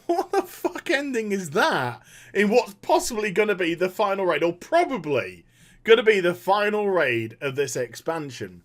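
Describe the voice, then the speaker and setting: A man with a high, very animated voice speaks at a normal speed. He's a gaming commentator delivering a sarcastic opinion rant about a game's story, swearing freely and mocking the characters.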